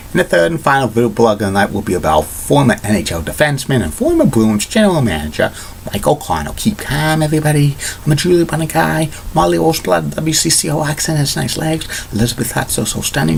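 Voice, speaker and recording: A man's voice: fairly low pitch, gravelly, slight background noise. A man talking casually in a video blog, recapping a movie in a rambling way with frequent restarts. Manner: rambling, with many restarts and fillers. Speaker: video blogger.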